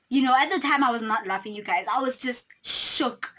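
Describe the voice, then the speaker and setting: A young South African woman tells a storytime on her vlog, with a bright, forward tone that sits a little high. She talks to her viewers in an animated, dramatic way, acting out what people said. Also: moderate pace, hardly any pauses. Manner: animated, dramatic retelling with acted-out quotes and laughter. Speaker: YouTuber.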